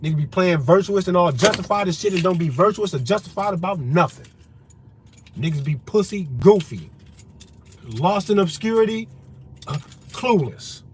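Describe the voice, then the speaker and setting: A man's voice: high-pitched, lively intonation, normal speed, a little hiss or hum. Heated, confrontational man ranting. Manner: profane, confrontational, heated, addresses listeners directly. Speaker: vlogger. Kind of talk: unscripted monologue rant.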